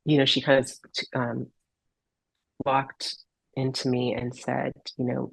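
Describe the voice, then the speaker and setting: A woman's voice: extremely low pitch, monotone, takes it slowly, vocal fry, long pauses, slightly rough, dry recording, rough recording. A woman guest on a podcast, telling a heartfelt personal story in an earnest, reflective way and sometimes searching for her words. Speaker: podcast guest, holistic healer.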